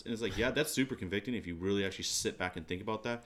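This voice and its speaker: A man's voice: on the low side, racing, fairly bright tone. A man co-hosting a casual faith podcast, talking earnestly and rambling with many restarts. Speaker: podcast co-host.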